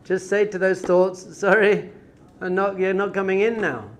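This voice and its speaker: A man's voice: fairly even intonation, normal speed, close to an everyday voice. A man voicing a stern, blunt old Hasidic master who speaks curtly. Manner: low, curt, dismissive.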